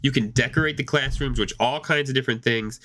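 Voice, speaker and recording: A male gaming podcast co-host talks quickly in a medium-pitched, sharp voice. He's hoarse and battling a cough as he rambles casually, restarting again and again.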